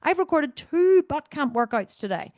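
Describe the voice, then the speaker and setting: A woman's voice: high voice, very animated, moderate pace, darkish tone, no echo, studio quality. A woman, talking bluntly and emphatically as a fitness coach on her solo podcast, swearing freely.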